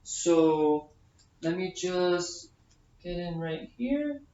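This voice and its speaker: A man's voice: sits high, very animated, extremely slow, mellow, a little hiss or hum. A man, a nursing student, talking through a head-to-toe physical exam step by step, with frequent fillers. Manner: explains each step aloud, with frequent fillers. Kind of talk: narrated physical exam demonstration. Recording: distant, echoey, dull camera audio.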